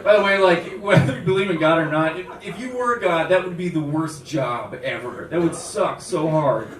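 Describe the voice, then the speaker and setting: A young man performing a stand-up comedy set on a club stage, animated, acting out quoted voices and jumping up in pitch for punchlines, with audience laughter behind him. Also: normal speed. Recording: roomy club sound, taken from a distance, loud noise.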